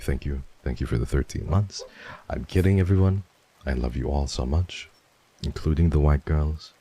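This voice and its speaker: A man chatting playfully on a livestream, teasing viewers and swearing freely as he reads donations, jumping between loud bursts and hushed murmurs. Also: extremely low pitch, vocal fry, slightly rough. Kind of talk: casual livestream chat, reading donations.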